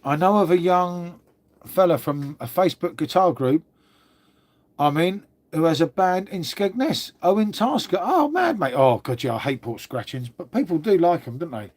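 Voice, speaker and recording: A middle-aged Englishman with an English accent hosts a casual livestream, reading viewer comments and calling everyone "mate." His voice is fairly high and darkish, at a moderate pace, with no echo.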